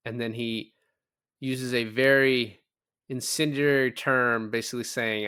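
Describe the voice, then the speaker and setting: A man's voice: mid-range voice, fairly even intonation, a little slow, pushed and bright, clean tone, no echo, studio quality. A man co-hosting a podcast, casually recapping a film, acting out quoted lines and swearing freely. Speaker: podcast co-host. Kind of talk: casual movie recap chat.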